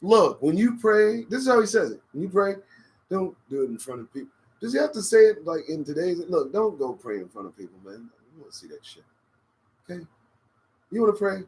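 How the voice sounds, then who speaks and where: A man's voice: sits high, sing-song, fairly quick, a little mellow, rough recording. A man hosting a live-stream talk show, rambling in a profane, preachy and emphatic way into a desk condenser microphone. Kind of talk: casual live-stream monologue.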